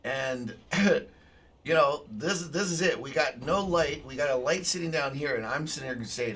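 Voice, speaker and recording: Excitable man commentating his tank game. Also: fairly high pitch, normal speed, breathy edge, recorded from a distance. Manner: excitable, swears, bursts into shouts. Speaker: gameplay commentator. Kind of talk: casual gameplay commentary.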